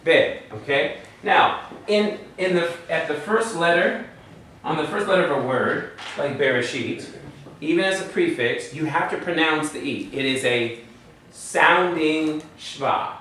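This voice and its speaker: A man's voice: a little high, a little slow, sharp tone. A man teaching a Hebrew lesson patiently, drilling the class and checking in with frequent questions. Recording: echoey room from far off, faint hum.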